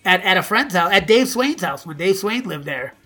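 High, bright-voiced man telling stories. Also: moderate pace. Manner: profane, animated, acts out quoted dialogue. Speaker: guest musician. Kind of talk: casual storytelling interview.

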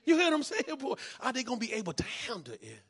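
Male pastor, sermon delivery, high-pitched, lively and fervent. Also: fast, creaky, slightly rough. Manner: preaching, building from calm teaching to shouted fervor.

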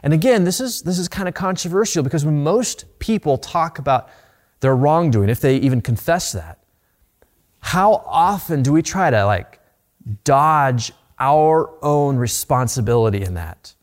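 A man's voice: fairly high pitch, animated, normal speed. A man preaching a sermon as a pastor, earnest and direct, often repeating words as he presses a point.

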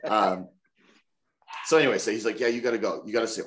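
A man telling animated stories as an interview guest, acting out other people's voices. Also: fairly low pitch, fast, echoey room. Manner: animated, acts out voices in anecdotes. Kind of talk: casual storytelling in an interview.

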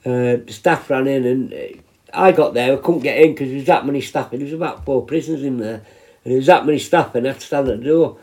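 A man in his fifties who works in prison healthcare tells casual stories. His mid-range voice is fast and a little dark, and his telling rambles and swears, with lots of restarts.

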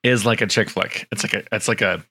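A man co-hosting a book podcast, chatting casually with a dry, wry, deadpan humor. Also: fairly low pitch, fast, crowd noise. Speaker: podcast co-host, teacher. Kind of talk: casual chat.

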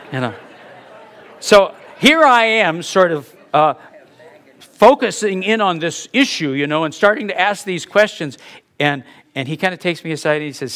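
A middle-aged man delivers a sermon, his voice sitting a little high for a man. He talks conversationally, slipping into anecdotes and chuckling at his own stories. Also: normal speed, fairly bright tone. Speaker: pastor.

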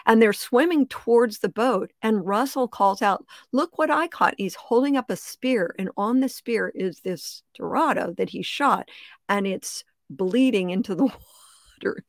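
An older woman, a podcast guest, telling lively stories and laughing often. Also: mid-range voice, unhurried, no room sound, studio quality. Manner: laughs often, animated storyteller. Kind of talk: casual interview chat.

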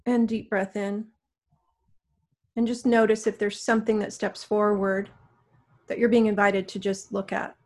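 A middle-aged woman guiding a healing session with slow, soothing, coaxing prompts. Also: mid-range voice, flat delivery, a little mellow. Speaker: energy healer guiding a session.

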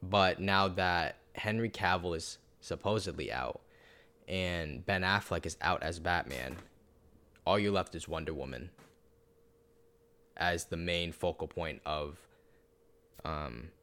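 A man co-hosting a podcast, rambling and animated in casual chat, swearing now and then. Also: sits low, takes it slowly, pauses often. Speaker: podcast co-host.

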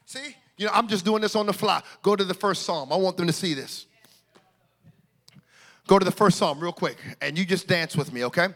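A male pastor preaching a sermon, shouting in sing-song bursts and then dropping to quiet asides. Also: high voice, normal speed.

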